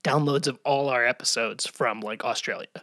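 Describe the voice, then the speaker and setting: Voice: medium pitch, fairly even intonation, normal speed, pushed and bright, no room sound, clean studio sound. A podcast co-host in casual chat, talking chattily and laughing often.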